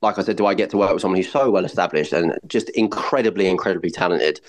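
A man's voice: low voice, quick pace, poor audio. A man, a soap actor guest, chatting enthusiastically in a casual interview, often repeating words as he talks.

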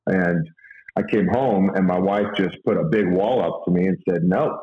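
An earnest man talks things through in a lowish voice, stopping and restarting often. The recording is roomy and has a dull, lo-fi tone. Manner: halting, many fillers and restarts, earnest. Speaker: guest sharing faith and money advice. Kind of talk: casual conversational talk.

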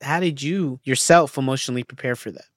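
A man hosting an interview podcast, asking questions in a warm, conversational way. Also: mid-range voice, fast, no echo, studio quality. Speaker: podcast host.

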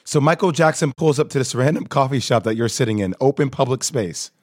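A man's voice: mid-range voice, brisk, no echo, studio quality. A man hosting an interview podcast who nudges his guest on with short prompts. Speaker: podcast host.

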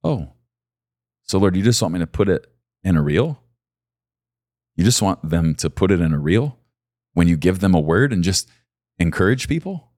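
A man in his forties preaching a sermon, talking to his listeners directly and pushing his voice up high and loud when he urges them on. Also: normal speed, long pauses, dry recording, studio quality. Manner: emphatic, rises to high excited peaks when urging listeners.

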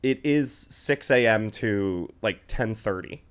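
A man's voice: lowish voice, takes it slowly, clear, resonant tone. A young man co-hosting a podcast in casual chat, rambling through his stories with lots of fillers and laughing as he goes. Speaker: podcast co-host.

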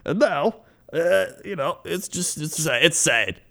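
A man's voice: fairly high pitch, expressive, measured pace, vocal fry, fairly bright tone, voice pushed up, heavily acted. A man voicing a defensive, self-pitying middle-aged male rideshare driver who rambles about his family. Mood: mournful.

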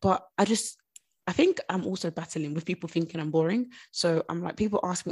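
Fast-talking woman co-host. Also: on the low side, slightly rough. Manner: animated storytelling with frequent restarts. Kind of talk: casual podcast chat.

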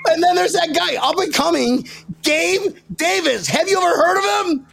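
A young man hosting a sports podcast, excitable and joking as he argues his picks and talks over the others. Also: extremely high pitch, moderate pace, vocal fry. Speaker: podcast host. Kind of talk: casual sports banter.

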